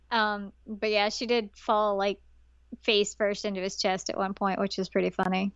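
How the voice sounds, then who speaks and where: A woman's voice: mid-range voice, moderate pace, clear, resonant tone, no room sound, highs cut off. A woman co-hosting a podcast, recapping an anime episode in casual chat and acting out the characters' lines as she goes. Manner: animated, acts out characters' lines with laughs. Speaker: podcast co-host.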